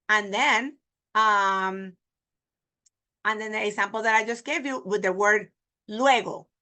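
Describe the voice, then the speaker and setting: Bright-voiced teacher. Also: female voice, mid-range voice. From Puerto Rico. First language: Spanish. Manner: demonstrative, repeating example words slowly. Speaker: Spanish teacher. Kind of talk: online pronunciation lesson.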